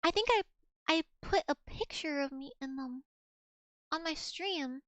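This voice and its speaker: A woman's voice: high voice, a little slow, fairly bright tone, no room sound, muffled recording. A young woman streamer chatting casually and reading out old messages, giggly and mock-dramatic.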